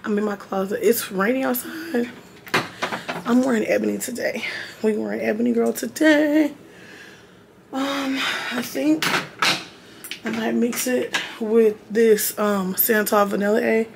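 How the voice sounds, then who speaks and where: A woman in her twenties talks straight to the camera in a relaxed vlog, candid and openly venting, cursing freely as she goes. Her voice sits a little high. The room sounds echoey, with faint noise underneath. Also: unhurried, gravelly. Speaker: vlogger. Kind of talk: casual vlog chat.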